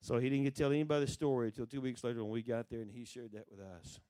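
A middle-aged man preaching, telling a story with lively acted-out voices. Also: mid-range voice, rapid-fire, dry recording. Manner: animated storyteller who acts out quoted voices. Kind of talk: sermon storytelling.

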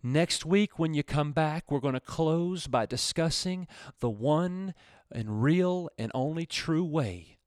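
A male pastor preaching a radio sermon, his voice swelling loud and high, then dropping low and quiet. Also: slow, hardly any pauses, dry recording, soft background music.

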